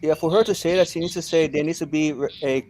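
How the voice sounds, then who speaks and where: A man's voice: fairly high pitch, fairly even intonation, quick pace, a little mellow, slight background noise. A man hosting a casual panel discussion, moderating and sometimes tripping over his words.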